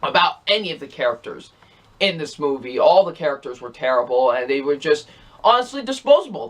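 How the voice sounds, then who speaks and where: A man's voice: on the high side, a bit bright. A young man reviewing movies in a casual, rambling and exasperated way, repeating himself often. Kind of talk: casual ranking video.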